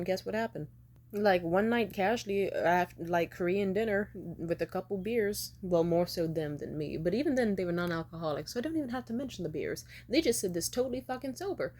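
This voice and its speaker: Young woman vlogger, casual storytime rant, profane and sarcastic, mid pitch. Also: darkish tone.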